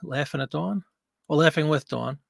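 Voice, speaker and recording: A man's voice: fairly high pitch, moderate pace, gravelly, no echo. A man hosting a casual live stream from a home studio, chatty and jokey, greeting viewers by name. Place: home studio with green screen. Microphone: desk microphone.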